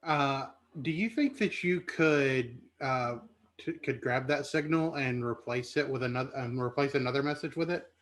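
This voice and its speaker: A man playing a tabletop game, talking haltingly as he works out his moves. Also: medium pitch, fairly bright tone. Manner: halting, thinks aloud with fillers. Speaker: player.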